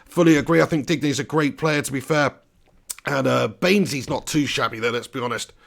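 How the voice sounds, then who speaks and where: A man hosting a live football watch-along, chatting with viewers and breaking into excited play-by-play. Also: medium pitch, fairly quick, creaky. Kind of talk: live commentary and chat reading.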